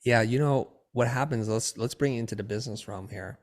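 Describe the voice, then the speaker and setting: Middle-aged male guest, animated storyteller acting out dialogue. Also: medium pitch, brisk. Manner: lively storyteller who acts out quoted dialogue. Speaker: podcast guest, designer and educator.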